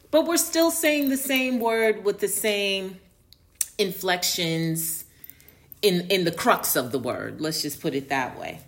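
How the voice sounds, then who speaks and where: A woman's voice: medium pitch, fairly bright tone. A woman from New York hosting a solo podcast, talking earnestly and explaining her views, with restarts and fillers. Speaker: podcast host. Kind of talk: casual solo podcast monologue.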